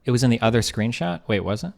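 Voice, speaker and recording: Fast-talking profane male streamer. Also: mid-range voice, expressive, vocal fry, a little mellow. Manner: fast, profane, reads messages aloud. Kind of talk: casual stream commentary.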